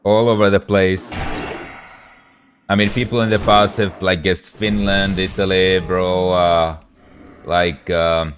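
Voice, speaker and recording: A man with a very low voice rambles easily to his live stream chat, dropping slang as he goes. A steady hiss of background noise sits under his home mic. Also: takes it slowly. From Europe. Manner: rambling and laid-back, full of "bro" and "dude". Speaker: game streamer.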